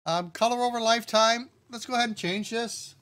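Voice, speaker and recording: A man streaming live as a game developer, relaxed and thinking aloud as he talks himself through settings step by step and turns now and then to answer his chat. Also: very high voice, fairly quick, clear, resonant tone. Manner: addresses the chat directly.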